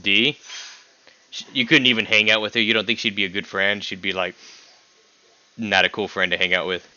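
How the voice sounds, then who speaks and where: A young man with a fairly low voice chats casually as a podcast host on a home stream. He teases his guest, laughs a lot, and his pitch leaps up when he gets excited. The sound is bright and dry but a bit dull and lo-fi. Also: moderate pace. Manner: animated, teasing, laughs often, jumps in pitch when excited. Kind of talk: casual chat ranking characters with a guest.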